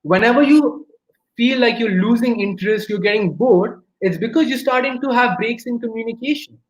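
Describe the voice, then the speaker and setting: A man with an Indian English accent giving a lively talk on communication at a webinar, acting out everyday scenes as he goes. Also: very high-pitched, normal speed. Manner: lively storyteller, acts out quotes. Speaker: webinar speaker. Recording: roomy echo.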